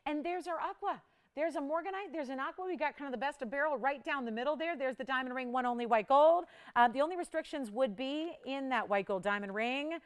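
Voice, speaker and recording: A woman hosting a live home-shopping show, pitching jewelry in an upbeat, urgent, chatty way and counting down prices. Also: brisk.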